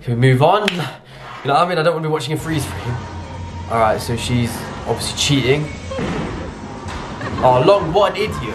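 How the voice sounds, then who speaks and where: A man's voice: medium pitch, sing-song, moderate pace, pauses often, over music. A young British man giving casual, jokey reaction commentary, with sudden exclamations. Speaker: YouTuber reacting to clips.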